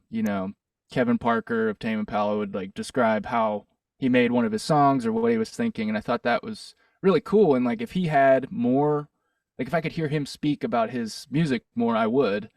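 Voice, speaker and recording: A musician from Pittsburgh talks loosely in an interview, his voice gravelly and swinging up and down in pitch. He hesitates, restarts and fills gaps as he goes. The sound is dry and set back from the mic. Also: no echo, far from the mic. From Pittsburgh, USA. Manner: rambling, hesitant, with many fillers and restarts. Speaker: musician guest. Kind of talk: casual interview chat.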